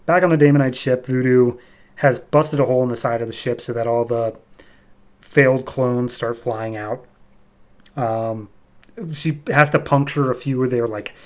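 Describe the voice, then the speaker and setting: A podcast host with a darkish tone casually recaps a comic issue, his talk loose and chatty with lots of "like" and "um." When quoting characters, he raises his pitch to voice them.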